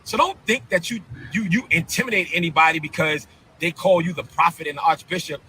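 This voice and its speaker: A bishop ranting on a live stream in a fiery, confrontational preaching cadence, full of incredulous repeated outbursts. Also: male voice, on the high side, brisk, pushed and bright, slight background noise, poor audio. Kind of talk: heated live-stream rant.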